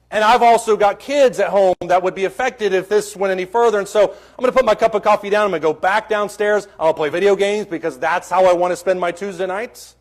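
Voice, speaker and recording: A man with a high, light voice preaching in a church. He talks to the congregation in an easy, conversational way, then lifts his voice when he reads scripture. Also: fairly even intonation, fast talker, hardly any pauses. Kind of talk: sermon.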